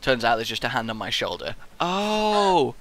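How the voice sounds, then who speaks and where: A young man giving playful, excitable let's-play commentary and chatting to the game character as he plays. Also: lowish voice, quick pace. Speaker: gaming video host.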